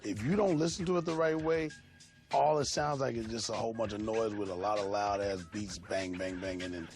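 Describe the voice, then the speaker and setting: A man's voice: on the low side, a little fast, a little mellow, soft background music. A man talking animatedly in an interview, imitating sounds and other people as he explains. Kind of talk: casual conversational interview.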